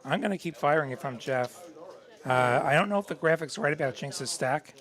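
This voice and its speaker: A man's voice: on the high side, animated, moderate pace, fairly bright tone. A man doing live play-by-play commentary on poker, easygoing and analytical as he walks through each hand. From not from Texas.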